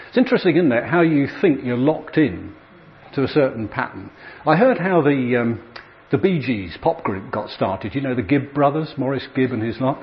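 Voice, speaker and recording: A middle-aged man tells stories from his working life to an audience. He speaks in a chatty, self-deprecating way with plenty of ums and uhs, at an ordinary pitch for a man. The recording sounds slightly dull and lo-fi. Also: animated, moderate pace. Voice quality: chatty, self-deprecating humour with frequent fillers. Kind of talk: anecdotal talk to an audience.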